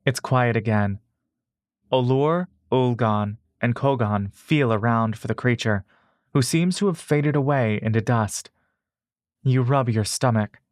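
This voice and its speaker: A male narrator with a medium-pitched voice reads a fantasy story aloud at an unhurried, steady, measured pace. The recording is dry and close with no room sound. In this second-person audiobook narration, he addresses the listener as "you" throughout.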